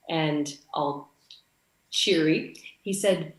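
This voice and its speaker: A woman's voice: low voice, takes it slowly, roomy sound. A woman from Canada giving a conference speech, telling a story and acting out the dialogue. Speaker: conference speaker.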